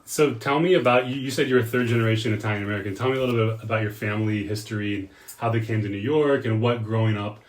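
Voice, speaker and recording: A man's voice: on the low side, very fast. A man interviewing a guest, asking easygoing, prompting questions. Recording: roomy and off-mic.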